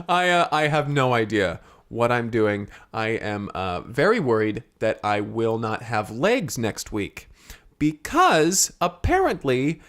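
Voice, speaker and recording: A man co-hosting an improvised comedy podcast, talking in a flustered, apologetic, rambling way that jumps up suddenly in pitch. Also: very animated, measured pace, hardly any pauses, fairly bright tone. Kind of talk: improvised comedy chat in character.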